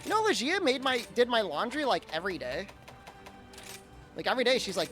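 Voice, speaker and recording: A man chats casually on his live game stream, telling a rambling tale. His voice rises and falls with lively swings, and he leans on fillers and restarts. Faint music plays behind him. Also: very high voice, fairly quick.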